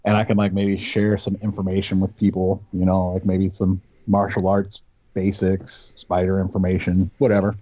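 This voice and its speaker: Low mellow guy rambling on a podcast, dry dull lo-fi sound. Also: monotone, normal speed, dry recording. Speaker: podcast guest. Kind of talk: casual chat.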